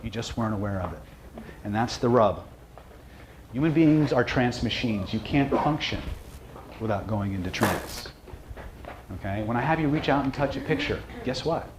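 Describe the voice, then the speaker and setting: A man's voice: mid-range voice, expressive, normal speed, pauses often, background noise. A man giving a live seminar talk, joking with and quizzing the audience. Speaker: seminar presenter, hypnosis trainer.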